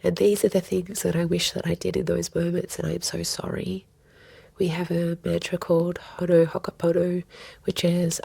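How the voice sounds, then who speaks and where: A woman's voice: fairly low pitch, level tone, moderate pace, vocal fry, mellow, breathy edge, dry recording. A woman, a counselor speaking earnestly in a podcast interview and often voicing quoted speech. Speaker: family and child counselor, guest. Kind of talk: podcast interview, casual advice.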